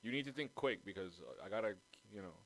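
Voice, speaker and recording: A man's voice: on the low side, animated, quick pace, fairly bright tone. A man hosting a casual podcast from home, rambling and swearing freely as he jumps between topics and drifts around the mic. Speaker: podcast host. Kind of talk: casual chat. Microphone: moves around the mic.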